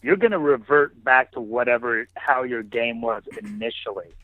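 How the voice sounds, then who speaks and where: A man, a podcast guest, telling stories in casual, animated interview talk. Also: mid-range voice, moderate pace, dry recording. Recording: phone-like narrow line, dry.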